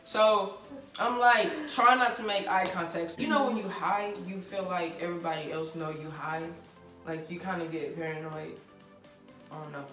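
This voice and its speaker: Young woman vlogger, animated profane storyteller, distant roomy mic. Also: lowish voice, moderate pace. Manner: animated, laughing, slangy and profane. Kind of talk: casual storytime chat. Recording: roomy sound from a distant mic with faint music.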